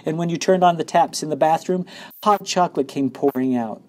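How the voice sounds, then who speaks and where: A man's voice: on the high side, brisk, voice pushed up, natural voice. A man voicing an old grandfather spinning a story for a child in a storybook reading, sometimes dropping to a secret whisper. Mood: storytelling. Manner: animated storytelling that drops to a hushed whisper. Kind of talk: storybook read-aloud.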